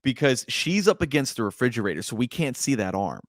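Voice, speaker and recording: A man's voice: mid-range voice, big pitch swings, a little fast, no room sound, clean studio sound. Laid-back man raving about a movie. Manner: enthusiastic, laughs, voices characters' reactions. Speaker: podcast co-host. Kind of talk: casual movie breakdown chat.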